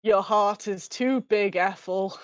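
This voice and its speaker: A woman's voice: mid-range voice, slow pace, clear, resonant tone, dry recording, voice pushed down, close to an everyday voice. A woman voicing a rude, suspicious old crone witch in a tabletop game, scolding and theatrical. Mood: accusing. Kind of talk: tabletop role-play.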